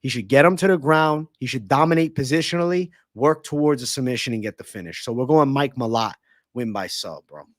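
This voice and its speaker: Brash, profane livestream host. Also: male voice, medium pitch, expressive, a little fast, no echo, studio quality. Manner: brash, profane, chummy banter with viewers. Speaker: livestream host and fight analyst. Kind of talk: casual live-stream chat.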